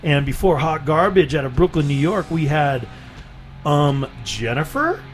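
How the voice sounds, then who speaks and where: A man's voice: a little high, normal speed. A man co-hosting a music radio show, rambling in a laid-back, self-deprecating way. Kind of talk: casual radio banter.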